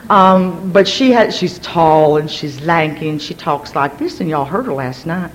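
A woman from Virginia telling her recovery story to a gathering, energetic and hyper, rambling with many restarts and self-deprecating asides. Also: deep voice, unhurried, a little hiss or hum, poor audio. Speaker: speaker sharing at a recovery gathering. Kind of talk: personal story told to a gathering.

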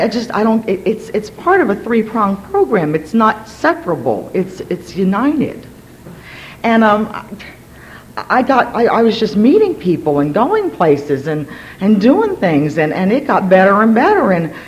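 A woman from Virginia telling her recovery story to a gathering, energetic and hyper, rambling with many restarts and self-deprecating asides. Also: mid-range voice, low-quality recording. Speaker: speaker sharing at a recovery gathering. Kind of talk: personal story told to a gathering.

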